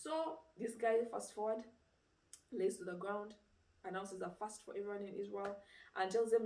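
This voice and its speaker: A woman's voice: medium pitch, normal speed. Woman, casual sermon, storytelling, rhetorical questions, echoey room, distant mic. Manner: lively retelling with rhetorical questions and frequent "you know". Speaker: preacher. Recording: roomy sound, speaker away from mic.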